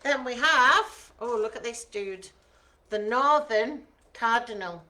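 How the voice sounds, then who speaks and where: A woman's voice: a little high, takes it slowly, sharp tone. A woman calling themed bingo on a live stream, playful and bantering with her group. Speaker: bingo caller. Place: care home activity room.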